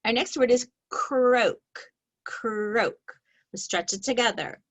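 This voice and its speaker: A woman teaching a reading lesson, slowly stretching out the sounds of each word in a patient, clear way. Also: on the high side. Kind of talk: slow, patient phonics lesson.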